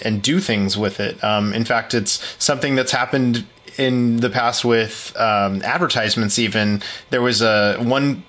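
A man co-hosting a podcast talks in a casual, hesitant way. He restarts his sentences often and chuckles now and then. His voice sits at a middle pitch. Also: a bit bright. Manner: hesitant, many restarts and fillers, laughs often. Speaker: podcast co-host.

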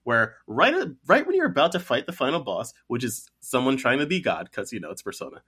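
A man with a bright, forward tone and a mid-range voice talks games on a podcast. He jokes easily and keeps a relaxed, conversational flow. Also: medium pitch, brisk, breathy edge. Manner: laid-back, joking, laughs often. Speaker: podcast co-host. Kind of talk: casual video game chat.

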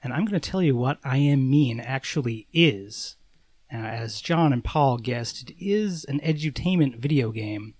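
Male listener message, mid pitch, dry humor, dead-dry recording. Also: a little slow, dry recording. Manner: relaxed, dry and joking, with fillers. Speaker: listener giving a recorded explanation.

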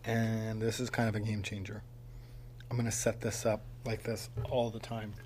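Speaking into a tripod-mounted mic in a home studio, this solo podcast host rambles casually, full of ums and dry jokes at his own expense. His voice is fairly low and a little mellow, with a flat delivery at a moderate pace and slight background noise.

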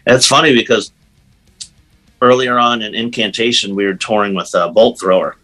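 Bright, lively-talking man guitarist. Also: lowish voice, normal speed, poor audio. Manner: animated storyteller, many "you know"s. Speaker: guest guitarist. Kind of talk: casual interview chat.

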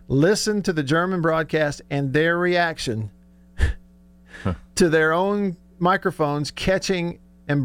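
A man hosting a sports talk radio show, telling stories excitedly and laughing often. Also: fairly high pitch, clean tone.

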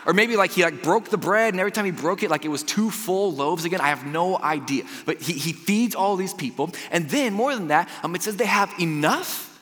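A male pastor preaching a sermon in a church auditorium, talking in a lively, conversational way and swinging from loud to hushed. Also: high voice, fairly quick, hardly any pauses. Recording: long reverb of a large hall.

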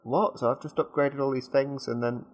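A British man with a mid-range voice co-hosting a relaxed gaming podcast. He rambles and hesitates, circling back to correct himself as he talks. The tone stays easygoing and conversational. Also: medium pitch, fairly quick. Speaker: podcast co-host. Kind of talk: casual gaming podcast chat.

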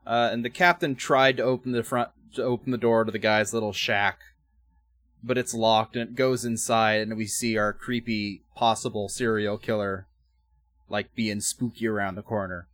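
A man's voice: on the low side, steady tone, normal speed, a bit bright, dry recording. A man co-hosting a podcast, recapping an episode in casual chat, rambling with restarts and wry asides. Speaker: podcast co-host.

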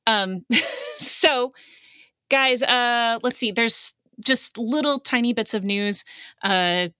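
A woman's voice: a little high, slow, sharp tone, smooth, dry recording, clean studio sound. A woman co-hosting a podcast in casual, playful chat, often laughing. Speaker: podcast co-host.

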